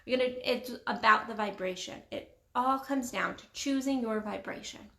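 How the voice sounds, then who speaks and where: Talking straight to the camera, a woman relationship coach delivers a casual vlog monologue at a moderate pace, stressing points by repeating phrases and putting on quoted voices. Her slightly high, somewhat bright voice carries a clear room echo.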